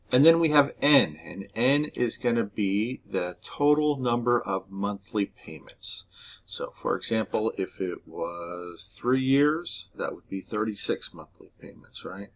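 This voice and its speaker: A man teaching a recorded math lesson, explaining step by step in a relaxed way. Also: low-pitched, gravelly.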